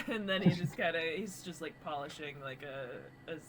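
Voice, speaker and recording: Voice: mid-range voice, normal speed, a crowd in the background, poor audio. A game master narrating a tabletop game with rambling, filler-heavy narration.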